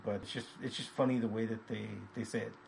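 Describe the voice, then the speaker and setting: A man's voice: lowish voice, little pitch movement, creaky, a little mellow, slight background noise. A man hosting a podcast, chatting casually through a film scene and playfully acting out the characters' lines. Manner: playful, quick to act out lines in put-on voices and laugh. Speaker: podcast host.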